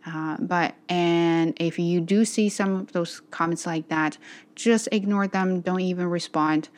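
A woman who teaches English, chatting casually to her vlog audience and pausing often with fillers. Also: on the low side, fairly even intonation. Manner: hesitant, many fillers.

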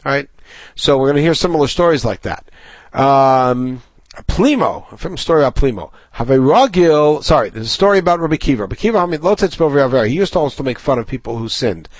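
A man's voice: medium pitch, animated, fast talker, dry recording. A middle-aged man teaching a Talmud class, reading Aramaic aloud and paraphrasing it in English, with fillers and self-corrections.

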